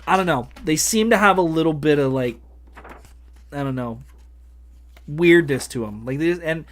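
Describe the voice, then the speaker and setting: A man's voice: fairly high pitch, normal speed. A man in his late thirties hosting a podcast, telling a rambling, self-mocking story with laughs. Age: late 30s. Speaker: podcast host. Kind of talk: casual podcast chat.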